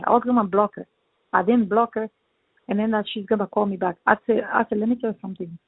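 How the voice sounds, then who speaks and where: Over a tinny, dry phone line, a man who's a landlord heatedly recounts a dispute, repeating himself indignantly and acting out his arguments. His voice is high-pitched, gravelly and slightly rough, with no echo.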